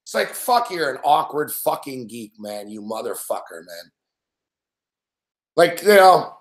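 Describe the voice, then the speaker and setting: A man's voice: medium pitch, very animated, measured pace, echoey room. A man hosting a late-night sports betting show, ranting angrily and profanely about hockey and mocking the people he talks about. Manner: mocking impressions of others. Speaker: host.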